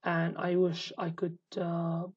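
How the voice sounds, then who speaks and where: A woman with a Sulaymaniyah Kurdish accent, a native Kurdish speaker, teaching an online language lesson in English with many restarts and slow repeated examples. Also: on the low side, completely flat delivery, a little mellow, slightly rough, lo-fi sound.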